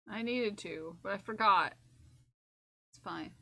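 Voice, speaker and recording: A woman's voice: mid-range voice, slow pace, bright, forceful tone. A woman streamer chatting casually while crocheting, repeating her own phrases to herself as she works.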